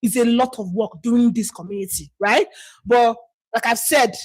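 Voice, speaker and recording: A woman's voice: a little high, normal speed, breathy edge, no echo, low-quality recording. A woman with a Nigerian accent leading an online community call, talking bluntly and scolding her listeners. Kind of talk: live call talk to members.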